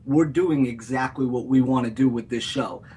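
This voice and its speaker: A husky-voiced man from Boston talking on a podcast. He is blunt and defiant, and his voice has a rough edge to it. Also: medium pitch, moderate pace, darkish tone. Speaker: podcast co-host. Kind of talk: casual podcast chat.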